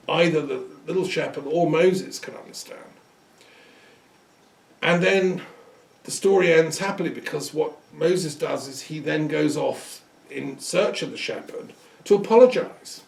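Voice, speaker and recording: A man with a slightly raised, gravelly voice gives a rambling, conversational lecture, clearing his throat and restarting his sentences. He sounds distant from the microphone. The room around him echoes noticeably. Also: fairly high pitch. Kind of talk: informal lecture with storytelling. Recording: echoey room, speaker away from the mic.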